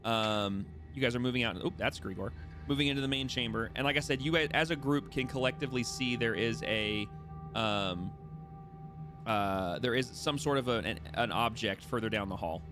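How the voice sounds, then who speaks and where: Casting: male game master, mid-pitched, loose rambling narration over music. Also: moderate pace. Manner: rambling, self-correcting narration. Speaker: dungeon master.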